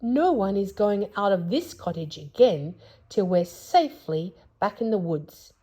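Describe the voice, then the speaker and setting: A woman voicing a brisk, firm magical man in a storybook reading. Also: mid-range voice, animated, dark tone, pitched above the performer's own voice. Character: bold cheerful round-faced magic man.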